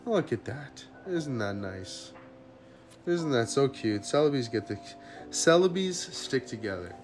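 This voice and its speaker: A man hosts a casual card-opening video, talking straight to his viewers. He is excitable, his voice leaping up high at good pulls before sinking back to soft murmurs. Music plays clearly behind him. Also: measured pace. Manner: excitable, jumps up high when hits appear, then drops to low murmurs. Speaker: card-opening channel host. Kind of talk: casual unboxing chat to viewers. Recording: music playing under the voice.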